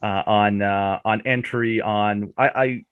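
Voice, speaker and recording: Relaxed man walking through stock charts. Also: lowish voice, slow, smooth, no room sound, phone-quality sound. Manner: relaxed, explains step by step, friendly banter. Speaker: trading coach presenting charts. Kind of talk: casual chart analysis chat.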